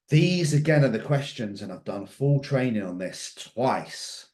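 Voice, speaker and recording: A man's voice: lowish voice, animated, brisk, few pauses, darkish tone. A middle-aged man giving a motivational mindset talk, emphatic and fond of repeated questions. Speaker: mindset coach. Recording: echoey room.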